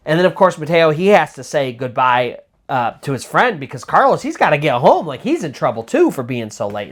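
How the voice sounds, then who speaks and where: A man telling a spooky tale in a loose, conversational voice, with dramatic swings and plenty of fillers. His speaking voice sits in a middle pitch. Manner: chatty, dramatic, lots of "like" fillers. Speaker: storyteller. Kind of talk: casual spoken storytelling.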